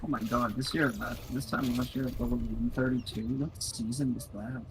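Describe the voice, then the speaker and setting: Man, gravelly voice, flat, deadpan, game chat, music behind. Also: medium pitch, normal speed, noisy background. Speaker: gamer friend in voice chat. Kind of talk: casual chat.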